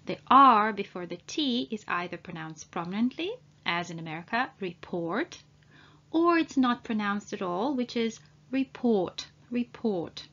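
A woman language trainer giving an English pronunciation lesson, saying each word slowly and spelling out its sounds. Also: mid-range voice, lively intonation, pushed and bright, dull audio. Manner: slow, deliberate, spells out sounds.

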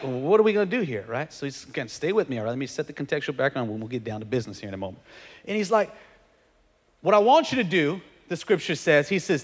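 A man preaching a sermon as pastor, energetic and conversational, with joking asides and frequent checks like "okay?". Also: on the high side. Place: church sanctuary. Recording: long hall reverb.

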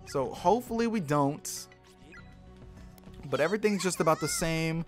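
A man's voice: a little high, lively intonation, moderate pace, vocal fry, soft background music. A man hosting a let's play, giving casual gameplay commentary in a chatty, joking manner and swearing freely.

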